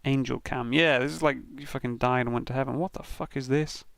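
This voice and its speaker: A man's voice: mid-range voice, steady tone, brisk, creaky, dry recording. A British man streaming, giving casual, sweary commentary with frequent laughs as he reviews racing crash clips. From Britain.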